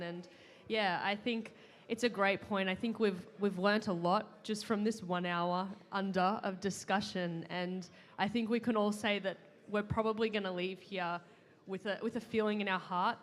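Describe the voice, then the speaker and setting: A young woman giving heartfelt closing remarks as a panel moderator, with many fillers and restarts. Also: mid-range voice. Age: young adult. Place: conference pavilion at a climate summit.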